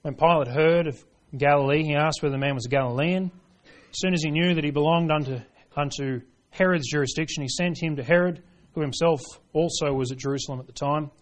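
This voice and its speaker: A man preaching a sermon, reading scripture aloud and driving points home, swinging between hushed lines and forceful ones. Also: on the high side, brisk. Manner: reads scripture aloud in King James wording.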